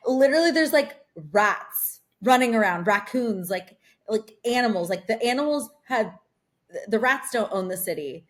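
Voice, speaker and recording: A woman's voice: fairly high pitch, normal speed. Chatty young woman rambling a story. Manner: rambling storyteller, heavy use of "like". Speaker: podcast co-host. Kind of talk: casual chat. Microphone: remote recording.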